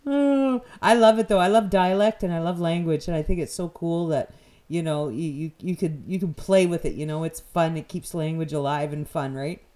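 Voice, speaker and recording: A woman's voice: fairly low pitch, normal speed, warm tone. A woman from New Brunswick, Canada, hosting a radio interview in a chatty, rambling way and laughing easily. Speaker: radio show host.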